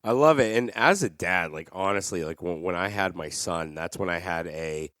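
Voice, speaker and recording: A man's voice: sits low, moderate pace, dry recording, studio quality. A man in his thirties hosting a podcast, chatting casually and acting out quoted people as he tells stories. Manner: animated storyteller, acts out quoted voices. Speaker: podcast host. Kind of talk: casual interview chat.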